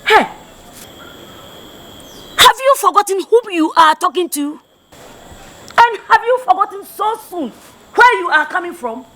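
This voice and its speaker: A woman's voice: high voice, big pitch swings, normal speed, sharp tone, exaggerated voice. An actress playing a stern, bossy woman with a Ghanaian accent who scolds and commands in a Ghanaian film drama. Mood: scolding. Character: stern, bossy young woman, quick to shout.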